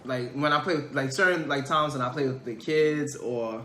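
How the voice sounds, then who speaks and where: A man co-hosting a casual vlog while eating, relaxed and hesitant, filling his speech with "like" and "um". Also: mid-range voice, moderate pace, echoey room, a little hiss or hum. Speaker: vlog co-host.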